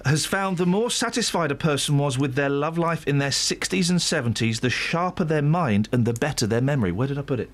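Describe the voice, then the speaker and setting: Jokey English radio host, lively pitch. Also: male voice, a little fast, hardly any pauses. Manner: jokey, rambling, reads stories with comic asides. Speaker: radio presenter. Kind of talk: casual breakfast radio chat.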